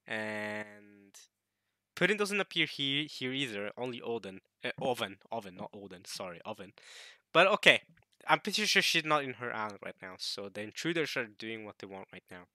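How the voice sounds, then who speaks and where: A man reading through a manga chapter in casual commentary, thinking aloud and getting excited, with frequent restarts. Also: fairly low pitch, moderate pace, dry recording, studio quality.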